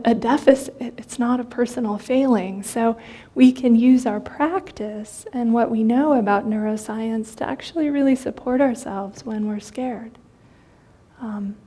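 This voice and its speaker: Woman, meditation teacher, dharma talk, warm higher voice, gentle, chatty, frequent restarts. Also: husky. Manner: gentle, conversational, with many fillers and restarts.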